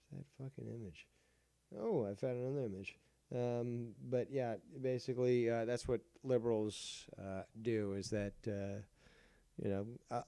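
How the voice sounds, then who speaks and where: Slow, mellow-voiced man ranting on stream. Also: mid-range voice, smooth, dry recording. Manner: rambling, profane, many fillers. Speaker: livestream host. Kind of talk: casual livestream commentary.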